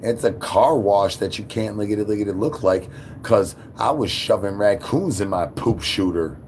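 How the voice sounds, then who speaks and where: A man hosting a live stream, talking to chat in rapid rhyming nonsense banter. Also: on the low side, a little mellow, a little hiss or hum. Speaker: livestream host.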